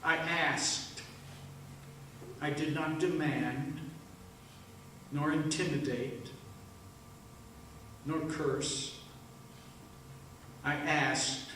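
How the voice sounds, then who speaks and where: A man delivering a slow, solemn first-person dramatic monologue in a church service, with hushed pauses. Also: a little high, steady tone, a little hiss or hum. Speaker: worship leader. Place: church sanctuary. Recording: echoey room, mic at a distance.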